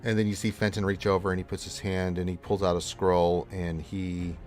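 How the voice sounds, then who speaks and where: A man's voice: deep voice, level tone, brisk, a little mellow. A man narrating as game master in a tabletop game, casually and with fillers.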